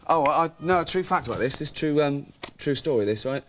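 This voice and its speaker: A man's voice: fairly high pitch, expressive, brisk. Rambling, offhand Englishman in a noisy recording. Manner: rambling, offhand, laughing at his own jokes. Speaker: comic guest. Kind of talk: improvised deadpan comedy chat.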